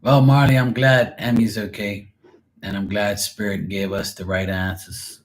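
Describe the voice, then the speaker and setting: Guy doing tarot reads on a livestream, low voice, laughs a lot, swears casually, super loose chat. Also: flat delivery, unhurried, slight background noise. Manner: laughs often, profane, joking. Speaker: tarot reader.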